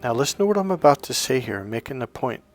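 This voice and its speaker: A man's voice: mid-range voice, big pitch swings, quick pace, soft background music. A middle-aged man, a life coach, delivering an emphatic, preachy motivational monologue full of storytelling.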